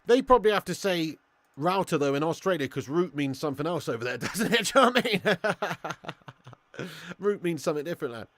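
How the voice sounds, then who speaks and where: A man's voice: a little high, expressive, fairly quick, fairly bright tone, no room sound. A young man hosting a live football watch-along who chats, swears and laughs, bantering with viewers in the chat.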